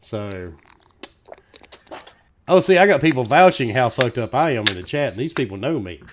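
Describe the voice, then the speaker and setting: A man's voice: medium pitch, expressive, moderate pace, a little hiss or hum. A man hosting a casual gaming talk show who jokes loosely and swears freely. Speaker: podcast host. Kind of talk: casual online show chat.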